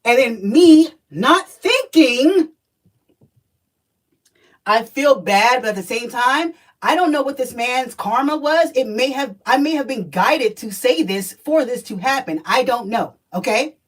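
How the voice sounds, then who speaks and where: A woman telling a personal story on a livestream, animated and profane, talking straight to her viewers. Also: sits high, measured pace, recorded from a distance, rough recording.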